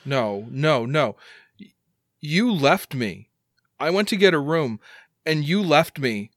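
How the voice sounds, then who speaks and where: A man's voice: a little high, very animated, takes it slowly, fairly bright tone, no echo, clean studio sound, voice pushed up, full character voice. A man voicing a cheerful young son who has died, talking in a jokey, nervous way with laughs. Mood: frightened.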